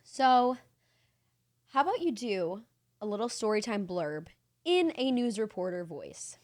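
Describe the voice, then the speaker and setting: A young woman reporter co-hosting a casual chat, upbeat and quick to explain things. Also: medium pitch, big pitch swings. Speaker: co-host, reporter.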